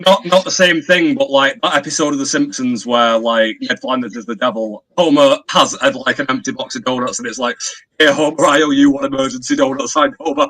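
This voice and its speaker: A man's voice: mid-range voice, expressive, brisk, fairly bright tone. A man chatting on a video call as a guest on a live stream, eager and rambling. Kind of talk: casual chat on a video call.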